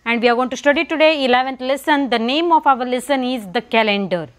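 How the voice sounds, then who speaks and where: A woman teaching a children's lesson, repeating words slowly and asking and answering her own questions. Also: high voice, a bit bright. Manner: repetitive, asks and answers her own questions, stresses pronunciation. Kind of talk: online English lesson for young children.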